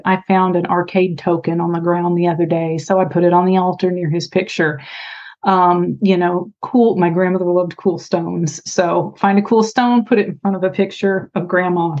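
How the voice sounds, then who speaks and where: A woman author being interviewed, talking in a soft, reflective way with frequent pauses and ums. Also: on the low side, lo-fi sound. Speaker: author and podcast guest. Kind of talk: casual interview chat.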